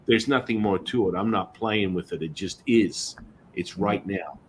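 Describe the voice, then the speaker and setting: A middle-aged man with a low voice hosts a spiritual podcast, speaking at a moderate pace. He tells stories in a rambling, casual way, often restarting and saying "you know." Slight background noise is audible.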